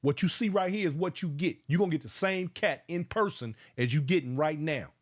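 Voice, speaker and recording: A man's voice: a little high, fairly quick. A man of about fifty hosting a casual livestream, fired up and preachy, calling out viewers by name. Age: around 50. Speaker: livestream host.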